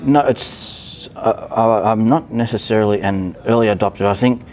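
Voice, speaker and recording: A man's voice: on the low side, normal speed, darkish tone. A man speaking as a podcast guest in casual conversation, hesitant, with many fillers and restarts.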